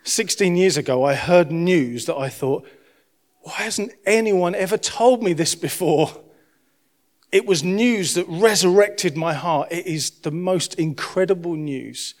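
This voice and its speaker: Male pastor, young adult to 30s, preaching with surging emphasis and hushed asides. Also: sits high, a little slow. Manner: impassioned, swings between loud emphasis and hushed lines. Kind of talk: sermon.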